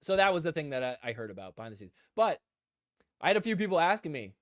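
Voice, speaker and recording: A young adult man hosting a casual live stream, telling animated stories, acting out what people said, and laughing often. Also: a little high, fast, no room sound, studio quality. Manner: animated storyteller, acts out quotes, laughs often. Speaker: host.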